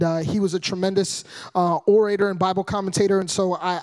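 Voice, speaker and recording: A man in his thirties giving a humorous sermon as a guest preacher, loud and animated, joking with the congregation. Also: high voice.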